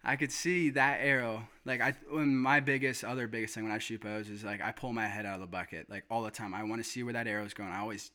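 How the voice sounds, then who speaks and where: A man telling a hunting story in casual chat, excited and swearing now and then. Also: lowish voice, quick pace, hardly any pauses.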